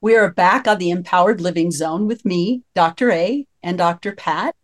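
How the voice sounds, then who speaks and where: Animated woman psychologist hosting a talk show. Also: on the low side, normal speed, soft background music. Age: 50s. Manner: animated, chuckling, storytelling. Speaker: host, psychologist. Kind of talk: radio talk show chat.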